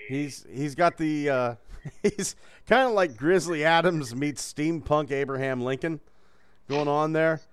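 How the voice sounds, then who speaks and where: A man's voice: a little high, unhurried, smooth, no echo. A man hosting a casual podcast, joking, swearing and laughing often. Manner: profane, joking, laughs a lot. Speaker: host.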